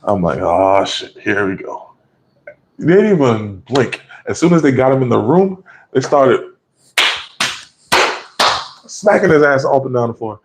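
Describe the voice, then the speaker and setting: A man giving a casual, profane, animated recap of an anime episode, often laughing and acting out the scenes. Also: medium pitch, moderate pace, long pauses, noisy background.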